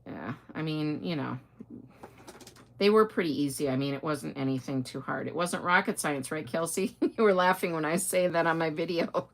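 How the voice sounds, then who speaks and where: A middle-aged woman chatting casually on a home crafting livestream, telling stories, reading comments aloud and laughing often. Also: deep voice.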